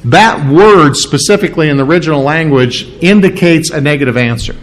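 A man's voice: on the high side, a little fast. A middle-aged man preaching a verse-by-verse sermon, conversational with restarts and asides, pressing hard on repeated phrases. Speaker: pastor. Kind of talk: sermon, verse-by-verse Bible teaching.

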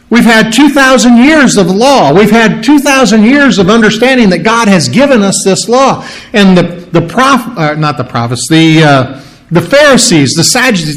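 High-voiced man teaching a sermon. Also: animated, moderate pace, a bit bright, low-quality recording. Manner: conversational Bible teaching, many restarts and rhetorical questions. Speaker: pastor.

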